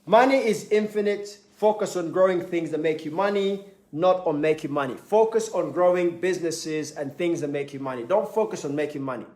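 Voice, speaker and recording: A man's voice: fairly high pitch, brisk, few pauses, a little mellow. A man giving a motivational talk, emphatic, repeating key points and acting out little scenes. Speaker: motivational speaker. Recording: echoey room.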